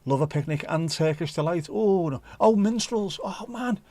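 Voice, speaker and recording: A man's voice: sits high, animated, moderate pace, warm tone, dry recording. Jokey man hosting a chatty livestream. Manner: jokey, rambling, playful. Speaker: livestream host. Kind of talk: casual chat reading viewer comments.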